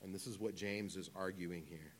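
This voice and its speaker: A man's voice: sits low, steady tone, normal speed. A man in his thirties preaching a conversational sermon, with humorous asides and casual phrasing. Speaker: pastor.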